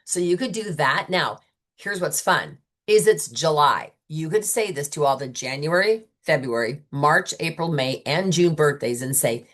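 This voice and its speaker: Chatty low-voiced woman coaching sales. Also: lively intonation, a little slow, fairly bright tone. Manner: chatty, enthusiastic, acts out customer dialogues. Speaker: sales trainer for beauty consultants. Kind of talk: casual coaching talk.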